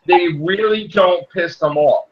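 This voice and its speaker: Excitable high-voiced man hosting a chat. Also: measured pace, dull audio. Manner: excitable, bursts into loud shouts and laughter. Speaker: podcast host. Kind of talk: casual group chat.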